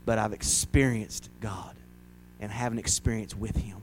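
A male pastor preaching a folksy, conversational sermon in a church, often rising to loud, dramatic shouts as he acts out a crowd. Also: fairly low pitch, steady tone, moderate pace, slight background noise.

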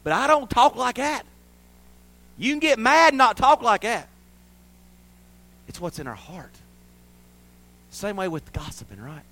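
A man preaching a sermon as pastor, impassioned and folksy, dropping from loud declarations to hushed passages. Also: very high voice, animated, unhurried, long pauses. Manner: impassioned, swings between loud declarations and hushed, quiet stretches; folksy and plainspoken.

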